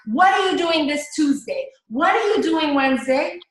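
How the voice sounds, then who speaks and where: Woman, high and bright voice, upbeat team coaching, chatty, very echoey room. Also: lively intonation, normal speed. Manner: chatty, upbeat, talks straight to her team with lots of "guys". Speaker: network marketing coach. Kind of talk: live video call coaching talk.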